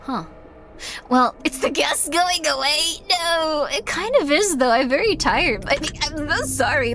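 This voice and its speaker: A woman's voice: high-pitched, a bit bright. A young woman streamer chatting casually while she plays, rambling with lots of fillers and self-deprecating asides. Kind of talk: casual live-stream chat while gaming.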